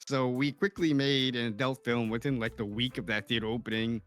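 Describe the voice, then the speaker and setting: A man's voice: medium pitch, faint music behind. Talkative man guesting on a podcast. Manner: talkative, quick restarts, animated. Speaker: podcast guest, roleplay streamer. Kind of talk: casual chat.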